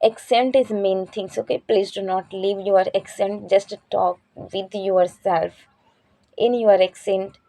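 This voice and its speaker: A young woman from Chhattisgarh with a Chhattisgarhi English accent, giving casual advice on learning English to her viewers and often pausing to search for words. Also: mid-range voice, fairly even intonation, mellow. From Chhattisgarh, India. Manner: hesitant, searching for words with many fillers.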